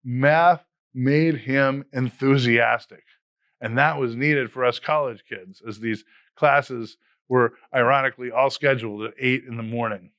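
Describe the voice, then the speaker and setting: A man's voice: mid-range voice, fairly even intonation, fairly bright tone, no echo. A man in his fifties, an educator, giving a scripted, earnest motivational talk to fellow teachers. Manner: earnest, motivational, measured delivery. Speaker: educator and podcast host.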